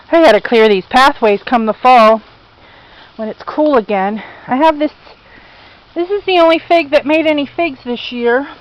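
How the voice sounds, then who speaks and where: A woman with a high voice talks slowly and casually as she walks through her garden outdoors. She chats to her pets along the way and grumbles about what she has lost. The sound is from a handheld camera. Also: muffled recording. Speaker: vlogger. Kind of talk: casual garden tour vlog.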